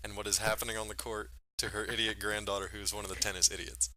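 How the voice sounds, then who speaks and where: A man's voice: lowish voice, little pitch movement, quick pace, bright, forceful tone, low-quality recording. A man co-hosting a podcast, chatting loosely and joking about a film he watched. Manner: joking, loose, lots of fillers. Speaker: podcast co-host. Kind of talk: casual chat reviewing a film.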